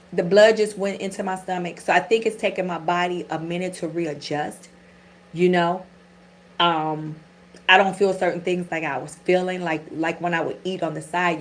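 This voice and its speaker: A woman's voice: fairly low pitch, steady tone, moderate pace, slight background noise. A middle-aged woman hosting a tarot channel, chatting candidly and casually with her viewers, with frank swearing and everyday slang. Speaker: tarot reader and channel host. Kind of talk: casual livestream chat.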